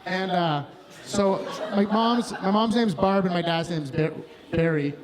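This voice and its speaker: Speaking at a measured pace in a voice that sits high, a comedian works a bar crowd with a crude, rambling set. He interrupts himself mid-sentence often, and the recording carries crowd noise and laughter.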